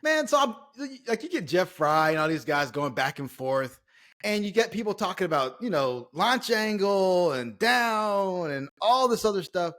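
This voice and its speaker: Animated male storyteller, higher voice. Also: normal speed. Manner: animated storyteller, acts out quotes, swears casually. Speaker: former pro baseball player, guest. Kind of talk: casual storytelling chat.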